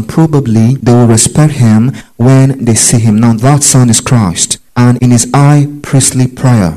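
A man's voice: medium pitch, moderate pace, few pauses, dark tone, low-quality recording. A man teaching a Bible study, reading out scripture references in long lists, spelling out words and telling listeners what to underline. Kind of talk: dictated Bible study lesson.

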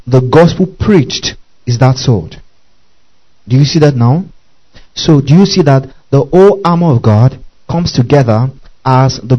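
A man's voice: mid-range voice, dull audio. A man preaching a sermon, emphatic, often asking his listeners questions and stopping to spell out Greek words.

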